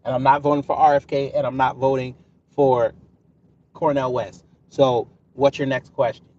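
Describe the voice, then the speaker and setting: A man's voice: medium pitch, level tone, normal speed, darkish tone, recorded from a distance, lo-fi sound, slight background noise. A man hosting a casual live stream, talking straight to his chat in a combative, sarcastic way. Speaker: livestream host.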